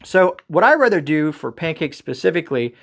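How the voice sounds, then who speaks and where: Folksy man with a higher voice. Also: very animated, brisk, vocal fry. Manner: folksy, rambling, addresses viewers as folks. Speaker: homestead channel host. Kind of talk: casual grocery haul vlog.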